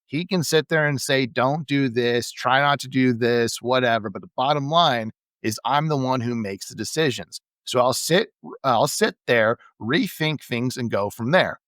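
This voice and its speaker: A man reading out the lines of a gruff, defiant male wrestler, blunt, combative and full of curses. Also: medium pitch, moderate pace, fairly bright tone, no echo, lightly acted.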